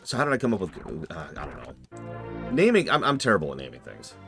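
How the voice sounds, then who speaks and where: A man's voice: deep voice, huge pitch swings, fairly quick, over music. A man streaming live, casually answering chat questions in a rambling, self-deprecating way.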